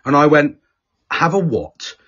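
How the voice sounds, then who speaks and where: Husky man, swearing, lively and dull-sounding. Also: a little high, a little slow. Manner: swears constantly, restarts sentences. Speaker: podcast guest speaker. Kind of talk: candid conversational storytelling. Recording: dull lo-fi audio.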